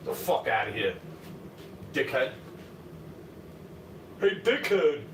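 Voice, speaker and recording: A man's voice: medium pitch, big pitch swings, takes it slowly, far from the mic, noisy background. A man with a New York accent, ranting and swearing on a livestream in a combative monologue. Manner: combative, swearing, jumps between muttering and shouting. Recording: roomy, off-mic, faint ambience.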